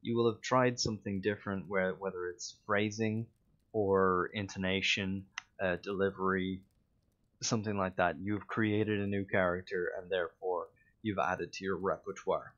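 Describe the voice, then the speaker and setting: An Irish man with a Dublin accent and a very low voice, chatting on a livestream. He tells stories with fillers and restarts, poking fun at himself. The recording sounds slightly dull and lo-fi. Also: fairly even intonation, normal speed, fairly bright tone. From Ireland. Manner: anecdotal, self-mocking, with frequent fillers and restarts. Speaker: voice actor streaming. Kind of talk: casual livestream chat.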